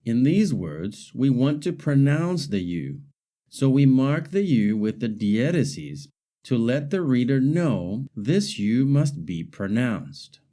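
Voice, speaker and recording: A man reads a scripted language lesson at an unhurried, careful pace. His voice is warm and mellow, and his pitch moves a lot as he lays out each example. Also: big pitch swings. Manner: slow, careful, deliberate explanation with spelled-out examples. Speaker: language teacher.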